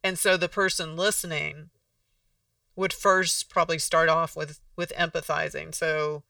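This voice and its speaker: A casual podcast host with a gravelly, bright voice, explaining things conversationally and acting out little example exchanges. The sound is dry, picked up from a bit away from the microphone. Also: medium pitch, little pitch movement, measured pace, dry recording, recorded from a distance. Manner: conversational, restarts sentences, acts out example dialogues.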